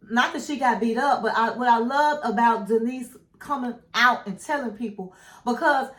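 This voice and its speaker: A woman in middle age chats through a reality show recap, acting out what people said and punching her points with "okay?" and "honey." Her voice sits a bit high, and the room around her rings with echo. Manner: animated storytelling, acting out quotes with sassy asides; emphatic "okay?" and "honey" asides. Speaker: recap channel host. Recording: echoey room.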